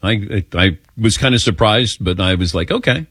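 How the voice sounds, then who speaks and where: A man hosting a sports radio show, running through the lineup in a relaxed, conversational way. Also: lowish voice, normal speed, breathy edge, no room sound, clean studio sound. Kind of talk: casual sports radio talk.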